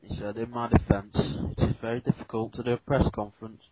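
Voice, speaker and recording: A man's voice: mid-range voice, level tone, quick pace. A man co-hosting a casual football podcast, making dry mocking remarks. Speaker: podcast co-host. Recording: dull lo-fi mic with faint noise.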